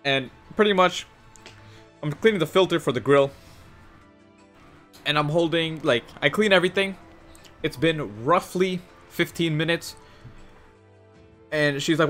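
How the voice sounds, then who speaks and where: A young man casually telling a work story for his gaming channel, animated and cursing, acting out the other people in shifting voices. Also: on the high side, measured pace, pauses often. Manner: animated, swears, acts out quotes in shifting voices. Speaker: gaming youtuber. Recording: faint music underneath.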